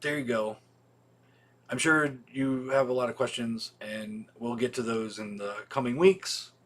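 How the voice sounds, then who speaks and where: Husky, rambling livestream host. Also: male voice, medium pitch, unhurried, fairly bright tone. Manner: rambling, profane, with many ums and restarts. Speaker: video store owner hosting a weekly livestream. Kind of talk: casual livestream chat.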